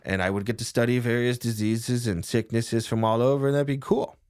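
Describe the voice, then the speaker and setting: A man's voice: medium pitch, steady tone, fairly quick, a little mellow, clean tone, no echo. A man with a cold playing his character in a tabletop game, rambling and playful. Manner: rambling, playful, jokey asides. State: has a cold. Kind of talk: in-character roleplay and table talk.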